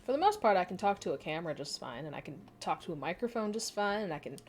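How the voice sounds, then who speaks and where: A woman's voice: fairly low pitch, lively intonation, fast talker, soft background music. A young adult woman chatting casually on a live stream, answering viewer comments in a candid, rambling way with frequent laughs and casual swearing.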